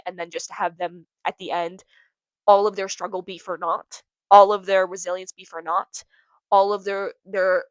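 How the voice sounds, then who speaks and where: A woman's voice: mid-range voice, fairly bright tone, no echo, poor audio. Emotional young woman rambling on a podcast. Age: young adult. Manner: emotional, rambling, repeats herself for emphasis. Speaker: podcast host. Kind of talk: casual solo podcast monologue.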